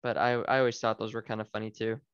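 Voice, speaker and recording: Smooth-voiced male co-host, dry lo-fi audio. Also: lowish voice, flat delivery, fast talker, a bit bright, dry recording. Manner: easygoing, agreeable, hedging with "like". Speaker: podcast co-host. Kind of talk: casual book discussion. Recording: dry, slightly dull lo-fi audio.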